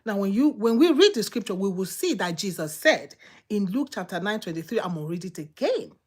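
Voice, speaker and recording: A woman with a Nigerian English accent preaching a sermon, emphatic and repetitive, swinging between loud exhortation and quiet asides. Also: mid-range voice, big pitch swings, a little fast, husky.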